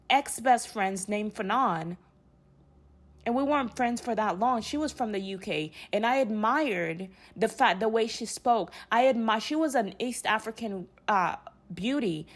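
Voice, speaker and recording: A young woman from Uganda, telling her own story in a rambling, heartfelt monologue full of restarts. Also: on the high side.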